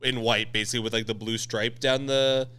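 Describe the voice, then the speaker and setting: A man co-hosting a casual sports podcast, relaxed and chiming in with quick asides. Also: mid-range voice, clean tone. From Canada. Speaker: podcast co-host.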